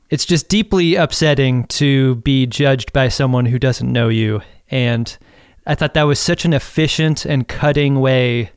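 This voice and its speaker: A man's voice: medium pitch, smooth, dry recording, clean studio sound. A man co-hosting a film podcast, speaking earnestly and with some jokes in casual chat. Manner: earnest, thoughtful, joking. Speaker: podcast co-host.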